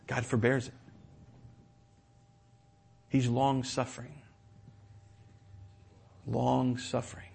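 A man preaching a sermon in a church, stumbling and repeating words as he drives his points home, then dropping to a quiet tone. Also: mid-range voice, monotone, slow, creaky, long pauses, slightly rough. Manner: impassioned, repeats words, swings from loud emphasis to quiet.

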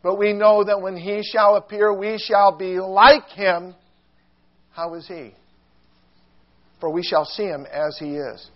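Fervent older male preacher, lo-fi sound. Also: high-pitched. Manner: fervent preaching, rising and emphatic. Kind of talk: sermon.

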